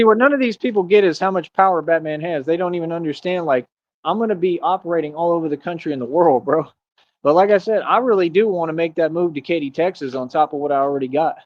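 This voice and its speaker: Man, livestream rant, boastful, mocking, rambling, slightly high voice. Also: no room sound, highs cut off. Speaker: streamer.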